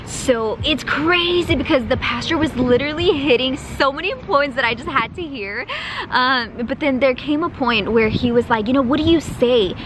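A young woman in her twenties chatting excitedly to her phone camera while out and about, full of "y'all" and "like". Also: high-pitched, normal speed, a crowd in the background, poor audio. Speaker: vlogger. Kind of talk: casual vlog chat to camera.

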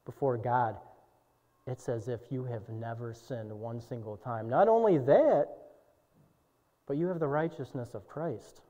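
Male preacher, young adult, fervent sermon delivery, slow deliberate pace, long hall echo. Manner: impassioned preaching, soaring to shouts and dropping low. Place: church sanctuary. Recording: dull recording with long church reverb.

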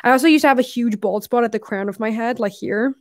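A woman's voice: fairly high pitch, fast, no room sound, studio quality. Chatty young woman streaming, tiring voice. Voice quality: chatty, lots of "like", casual swearing. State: voice tiring from long talking. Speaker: live streamer. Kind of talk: casual live stream chat.

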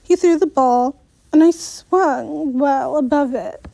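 A woman's voice: sits high, slow, vocal fry, mellow, no room sound. A woman reading a first-person story aloud, with restarts and little asides. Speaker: story reader.

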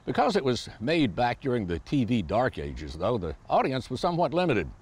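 A man narrating a TV magazine show in a friendly, lively presenter manner. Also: mid-range voice, fairly quick, husky. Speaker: show host. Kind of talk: scripted TV narration.

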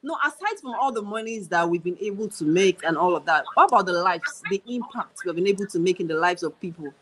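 A woman's voice: fairly low pitch, expressive, quick pace, fairly bright tone, rough recording. A woman from Nigeria in her thirties, speaking as an interview guest in casual conversation, repeating her phrases for emphasis.

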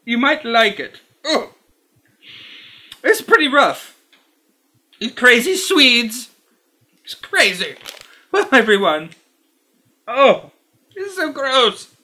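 A fussy, squeamish man reviewing candy, as an actor puts him on in a comedy sketch. He talks slowly and over-formally, his pitch swinging all over the place. His voice is bright and a little shrill. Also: full character voice. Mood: disgusted. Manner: slow, overly formal, wildly swinging delivery. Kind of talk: comedic character review to camera.

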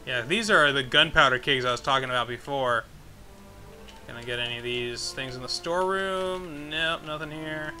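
A man's voice: mid-range voice, moderate pace, bright, forceful tone, faint music behind. A man giving casual, joking commentary while playing a video game and thinking aloud as he goes. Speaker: let's play host.

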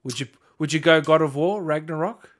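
A man hosting a casual interview, easygoing and laughing often as he asks quick questions. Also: on the high side. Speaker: host.

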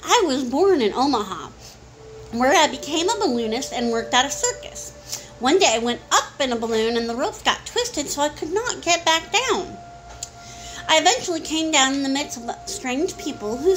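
A woman's voice: high voice, big pitch swings, moderate pace, fairly bright tone, soft background music, low-quality recording. A woman reading the part of a little humbug wizard man, grand in his announcements, then plain and apologetic.

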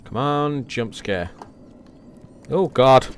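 A man with a smooth, mid-range voice speaks extremely slowly while playing a horror game for a let's play. His commentary is joking and sarcastic as he mocks the monsters and addresses them directly.

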